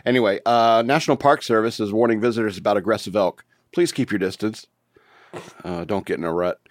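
Relaxed man reading news stories. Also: on the low side, brisk, no room sound, studio quality. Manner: relaxed, reads stories, jokey asides. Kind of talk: casual chat.

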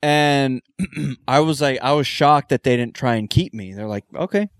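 A man's voice: mid-range voice, moderate pace, clean tone, dry recording. A man chatting casually, telling an anecdote and making wry, joking asides. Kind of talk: casual chat.

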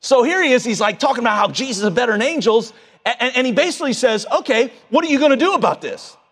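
A preacher delivers a sermon quickly in a high-pitched voice, and the recording has a long hall reverb. His manner is folksy and excitable, and he stumbles over his words and repeats them.

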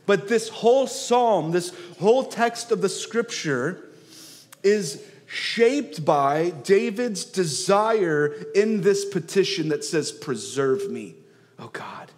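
A man preaching a sermon, rising loud on key phrases and dropping soft and slow to draw them out. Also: sits high, expressive. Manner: swells and drops in loudness for emphasis, slows on key words. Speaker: pastor. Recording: long hall reverb.

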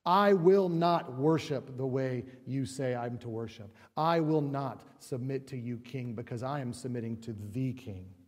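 A man's voice: medium pitch, unhurried, hardly any pauses, darkish tone, natural voice. A man voicing a defiant believer who refuses a king, speaking in firm, resolute declarations, with a long hall echo.

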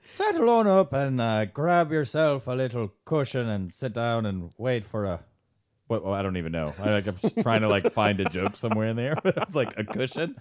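A man's voice: medium pitch, animated, a little fast. A man co-hosting a podcast in casual, comedic chat, rambling and self-mocking as he talks. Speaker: podcast co-host.

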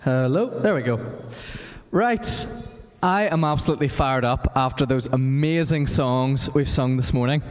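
A man with energetic, encouraging delivery leading a quiz for children in a church. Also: medium pitch, a little slow. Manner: energetic, encouraging, talks to a crowd. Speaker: children's worship leader running a quiz. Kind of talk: lively church address to children. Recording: echoey church hall.

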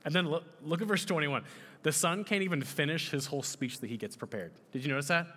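A man in his thirties preaching a sermon, animated and often putting questions to the audience. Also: on the high side, fast talker, long reverb tail. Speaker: pastor.

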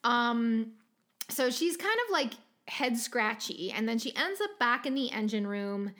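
A woman's voice: on the high side, a bit bright. A woman recapping a TV episode in casual chat, talking loosely with lots of "like" and frequent laughs. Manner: chatty, many filler "like"s, laughs often. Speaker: podcast co-host recapping a TV episode.

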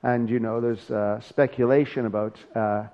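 A male pastor delivers a sermon in a relaxed, conversational way, with dry asides between the scripture readings. His voice sits at an ordinary middle pitch. The recording is dull and somewhat lo-fi. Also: normal speed.

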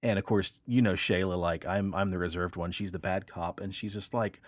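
A young man with a low voice tells a story in an easy, chatty podcast style. He brings the people in it to life with voices. The sound is dry and close. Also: moderate pace, no echo. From Texas, raised in Kansas. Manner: animated storyteller, acts out voices in quotes. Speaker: podcast co-host. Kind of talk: casual storytelling chat.

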